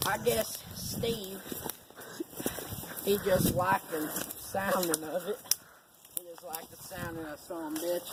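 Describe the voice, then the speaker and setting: A man's voice: high-pitched, unhurried. Give me a young man with a drawl telling crude, joking stories outdoors, with noisy camera sound. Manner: profane, joking, rambling. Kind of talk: casual rambling storytelling.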